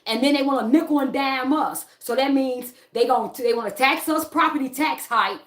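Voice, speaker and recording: A woman's voice: sits high, moderate pace. A woman vlogging live, talking casually and angrily to her viewers, repeating herself and calling out to them as y'all. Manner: agitated, repetitive, addresses viewers as y'all. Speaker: online fitness and politics vlogger. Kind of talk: casual heated livestream rant. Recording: roomy echo.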